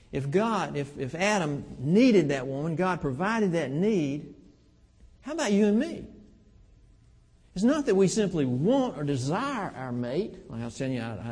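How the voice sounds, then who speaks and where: A man in his fifties preaching a sermon in a church, folksy and earnest, slowing down for emphasis. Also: on the high side, darkish tone, slightly rough. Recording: long hall reverb.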